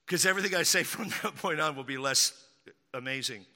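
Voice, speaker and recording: A man from Texas preaching a sermon as pastor, emphatic, slowing down to repeat key lines and throwing in mocking asides. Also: a little high, bright, forceful tone, big-room sound.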